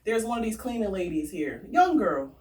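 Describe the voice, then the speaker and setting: A woman vlogger telling stories and ranting in a casual, animated way, swearing freely. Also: medium pitch, normal speed, far from the mic. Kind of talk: casual storytelling rant.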